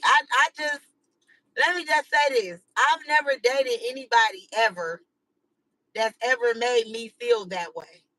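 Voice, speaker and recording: A woman hosts her channel and chats loosely with viewers, rambling in slangy talk full of "like" and "you know." Her voice is bright and ringing and close to the mic. The recording is dry, with no room sound. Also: sits high, dry recording, low-quality recording. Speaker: channel host. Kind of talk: casual chat to live viewers.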